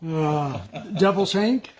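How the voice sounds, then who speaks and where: A man hosting a live online auction, briskly calling out lots and closing bids. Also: on the high side, lively intonation, crowd noise. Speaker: auction host.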